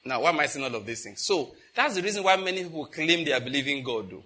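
A middle-aged man, preaching a sermon with lively rhetorical questions. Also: a little high, fast. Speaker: pastor.

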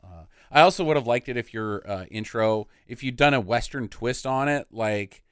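A man's voice: mid-range voice, normal speed, a bit bright, smooth, dry recording, clean studio sound. A man co-hosting a casual podcast chat, jokey and loose, swearing freely. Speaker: podcast co-host.

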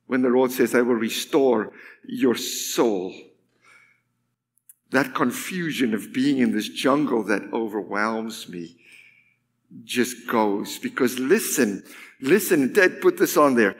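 A man preaching a sermon with passion, swinging between loud, ringing declarations and hushed, drawn-out words. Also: medium pitch. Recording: echoey hall.

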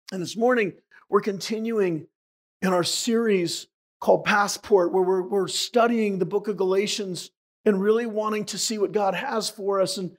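A man preaching to his church with a voice gone hoarse. He sits fairly high for a man and talks to the congregation in an earnest, emotional, conversational way. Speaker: pastor. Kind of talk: sermon. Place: church sanctuary.

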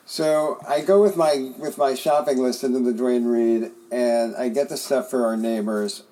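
A man's voice: medium pitch, moderate pace, dark tone. A middle-aged man with an ordinary mid-range voice chats on a podcast. He tells his story in a loose, rambling way, starting over now and then and swearing casually. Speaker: podcast co-host. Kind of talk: casual chat.

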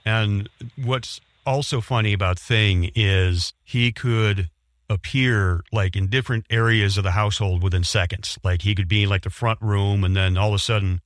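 A man co-hosting a casual chat, explaining in a measured way with frequent fillers. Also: lowish voice, fairly even intonation, no echo, studio quality. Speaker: podcast co-host.

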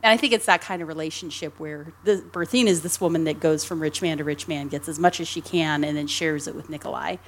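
A woman's voice: low-pitched, fast talker, hardly any pauses. A woman co-hosting a casual film discussion, chatty and rambling, giggling often between her points. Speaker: podcast co-host.

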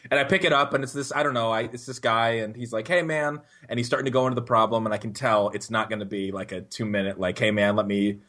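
A man on a podcast telling a story in a casual, animated way, swearing and often laughing. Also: medium pitch, rapid-fire, hardly any pauses. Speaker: podcast co-host.

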